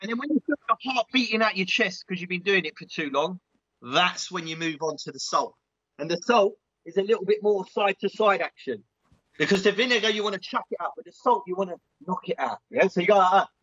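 A man's voice: sits high, lively intonation, brisk, bright, forceful tone, breathy edge, no echo, dull audio, exaggerated voice. A man playing a big, earnest, clueless self-styled diet guru in a comedy sketch, instructor patter full of "yeah?" and "right?". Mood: instructive.

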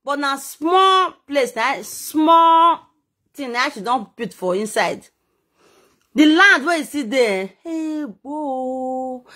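A woman with a Nigerian accent telling gossip stories in a casual vlog. She talks in an animated way, exclaiming and repeating words for effect. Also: high-pitched, slow. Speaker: gossip vlogger.

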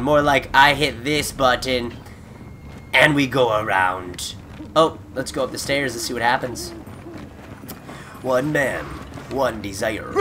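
A man giving excitable, profane commentary on his gameplay, with hyped whoops and trash talk. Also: medium pitch, background noise. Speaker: gameplay video creator. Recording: game sound loud under voice.

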